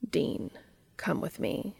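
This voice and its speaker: A calm man speaks evenly and softly with quiet authority, as a woman reading a story puts him on. His voice sits low with a gravelly texture. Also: moderate pace, dry recording, full character voice. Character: calm, commanding but gentle man.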